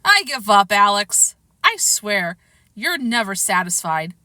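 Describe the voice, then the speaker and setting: Lady playing a patient storybook mom, soothing and coaxing, bright raised voice. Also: sits high, lively intonation, normal speed, dry recording, studio quality. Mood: exasperated. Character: patient, reassuring mother of a young boy.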